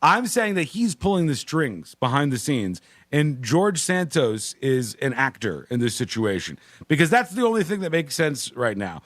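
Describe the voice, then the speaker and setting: A man's voice: medium pitch, big pitch swings, moderate pace, few pauses, fairly bright tone, no room sound. A man hosting a radio show, chatting casually, laughing and doing mocking impressions into a studio microphone.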